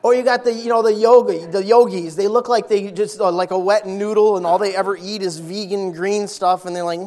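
A middle-aged man preaching a sermon, telling stories in a lively, folksy way and hammering points home with repetition. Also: high-pitched, fairly quick, hardly any pauses. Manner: animated, folksy storytelling with emphatic repetition.

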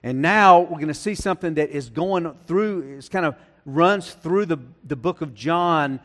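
A man's voice: a little high, unhurried, fairly bright tone, big-room sound. A man preaching a sermon as pastor, talking in a conversational way with frequent restarts and fillers.

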